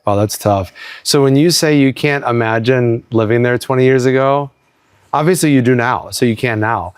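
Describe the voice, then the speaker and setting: A man's voice: medium pitch, moderate pace, smooth, no echo. A man interviewing a guest in a casual conversation, encouraging him with short affirmations.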